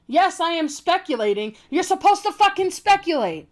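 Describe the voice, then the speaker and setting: A woman with a high voice rants to her camera. She is blunt, heated and full of swearing. She repeats other people's phrases back with open scorn. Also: big pitch swings, normal speed. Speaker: vlogger. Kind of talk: casual opinion rant to camera.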